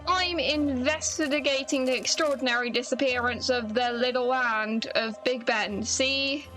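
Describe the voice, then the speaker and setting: A woman's voice: high-pitched, measured pace, a bit bright, faint music behind, rough recording. A woman voicing a chatty male reporter, attempting a British accent and stumbling through the lines as she reads them aloud. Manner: stumbling read-aloud delivery.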